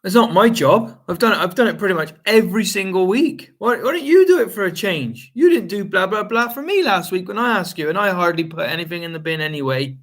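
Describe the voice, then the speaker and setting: Man playing a nagging wife, shrill, high-pitched, indignant, accusing. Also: lively intonation, brisk, hardly any pauses. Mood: exasperated. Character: exasperated nagging wife, fed up.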